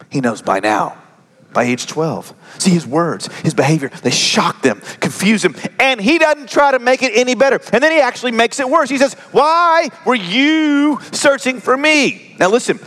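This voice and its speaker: A middle-aged man preaching a sermon, joking with the congregation and swinging from loud emphasis down to hushed whispers. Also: sits high. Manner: conversational, joking asides to the congregation. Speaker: pastor. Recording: long reverb of a large hall.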